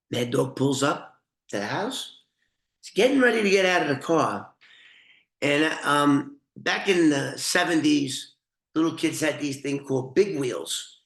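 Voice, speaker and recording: A man's voice: a little high, gravelly, fairly bright tone. An older man, a former informant, telling a true crime story in a profane, rambling, conversational way. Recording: roomy echoey room.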